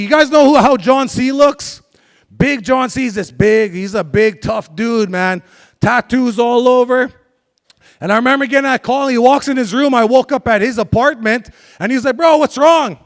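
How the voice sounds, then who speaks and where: A man's voice: very high-pitched, normal speed. A young man telling a candid, confessional life story to a live audience, joking with the crowd between heavy admissions. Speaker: speaker sharing his life story. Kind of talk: live motivational talk to an audience.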